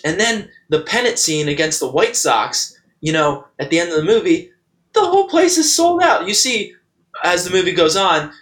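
A man who played baseball, co-hosting a podcast and talking about a film with many pauses and "um"s. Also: fairly high pitch, a bit bright, low-quality recording. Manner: halting, frequent "um" and "uh". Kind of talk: casual movie discussion.

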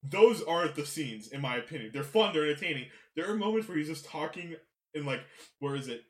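A man hosting a casual film discussion podcast, animated, swearing, with many fillers and restarts. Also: a little high, a little fast. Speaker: podcast host. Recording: roomy echo.

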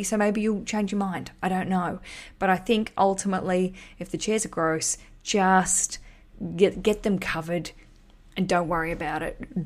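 Chatty, frank woman podcaster. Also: fairly low pitch. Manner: chatty, frank, swears casually, playful. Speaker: podcast host giving wedding advice. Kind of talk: casual advice podcast.

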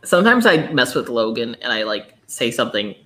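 A podcast co-host chats in a relaxed, joking way with a mid-pitched voice. Now and then the voice drops to a whisper. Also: brisk. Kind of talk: casual chat.

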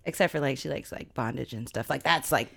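A woman's voice: rumbling low, brisk, gravelly, a bit bright. A woman co-hosting a podcast, talking frankly in casual chat, teasing and often laughing. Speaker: podcast co-host.

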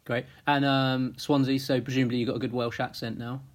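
A man's voice: medium pitch, little pitch movement, brisk. A male host running a casual interview, friendly and teasing, with lots of fillers. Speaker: podcast host.

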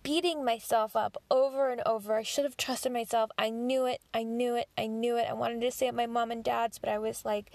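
Candid higher-voiced woman telling her story. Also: flat delivery, brisk, vocal fry, few pauses, a little mellow, no echo. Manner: candid, swears freely, acts out her own inner voice. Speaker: podcast host. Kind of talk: personal storytelling monologue.

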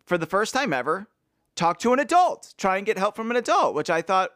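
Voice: medium pitch, very animated, fairly quick, a bit bright, no room sound. A playful podcast co-host reads passages from a book and jokes about them. The voice swoops all over its range, and the recording is dry and close, with no room sound. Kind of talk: casual book-discussion chat.

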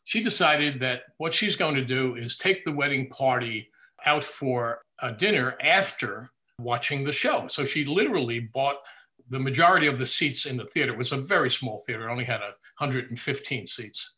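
Older guy reminiscing in an interview, bright tense voice, chuckles at his own stories. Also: medium pitch, moderate pace. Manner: animated storyteller who laughs at his own stories. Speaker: interview guest.

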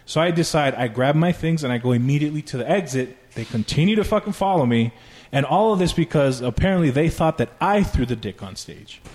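A man telling a long story in casual chat, profane and animated, acting out quotes. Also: on the high side, fairly quick.

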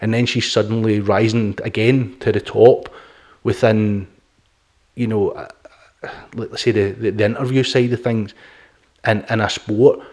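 A man's voice: on the low side, fairly even intonation, measured pace, darkish tone. A middle-aged man hosting a podcast, talking bluntly and opinionatedly, swearing and laughing often. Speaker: podcast host. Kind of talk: casual podcast chat.

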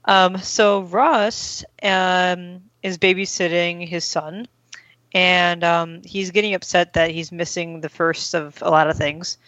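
A woman's voice: lowish voice, little pitch movement, slow pace, fairly bright tone, no room sound, dull audio. A woman hosting a casual chat, rambling through a recap with many fillers and acting out quoted lines. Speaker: podcast host recapping an episode.

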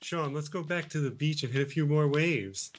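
A man's voice: fairly high pitch, normal speed, a little hiss or hum, natural voice. A man playing a sulky, defensive younger teenage son in a comedic horror audio skit.

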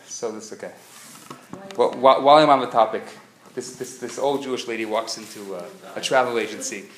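A man speaking as a rabbi, giving a live lecture and telling jokes with lively storytelling. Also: medium pitch, a little fast. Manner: animated joke-telling storyteller. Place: community center lecture hall. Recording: echoey hall, faint noise.

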